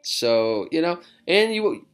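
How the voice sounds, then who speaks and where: A man talks casually from his living room, rambling from one digression to the next with self-mocking humor. His pitch rises and falls with lively swings. Soft music plays faintly underneath. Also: takes it slowly. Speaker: comedian vlogger.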